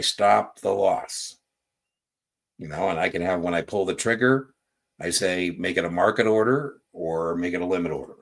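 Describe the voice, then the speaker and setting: A man's voice: low voice, fairly bright tone. A man coaching exam takers on a live stream. He talks casually, often asks "right?", and tells stories from his own life as examples.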